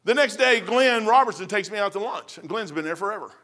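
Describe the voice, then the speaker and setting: High bright-voiced guy preaching a testimony, animated, gets loud then stammers. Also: fairly quick. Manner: animated storytelling with sudden loud outbursts. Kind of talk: testimony sermon.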